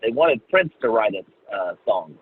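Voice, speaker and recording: A man from Oklahoma, a singer guest, telling a story in a halting casual way with many fillers and restarts, on a tinny phone-like line. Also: fairly low pitch, very animated, breathy edge. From Oklahoma, USA.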